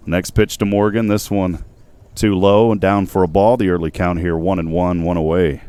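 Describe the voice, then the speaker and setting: A man giving steady, measured baseball play-by-play commentary as the announcer. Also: smooth. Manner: steady, measured calls of each pitch.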